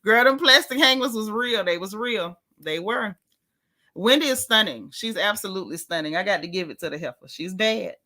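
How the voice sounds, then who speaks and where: A woman hosting a casual reality TV recap, telling it in a sassy, animated way with lots of slang. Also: mid-range voice, moderate pace. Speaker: host.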